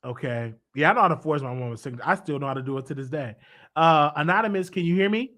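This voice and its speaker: A man's voice: a little high, lively intonation, quick pace, fairly bright tone. A man hosting a live call-in show, talking casually and animatedly, often restarting and repeating his phrases. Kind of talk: casual live-stream chat with callers.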